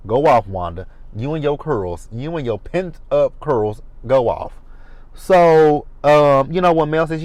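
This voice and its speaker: A man talks through a reality show episode in a sassy, animated way, swearing freely as he goes. His voice sits at a middle pitch. It is recorded close and dry, with no room sound. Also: normal speed, no room sound. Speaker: reality TV reviewer. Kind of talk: casual commentary.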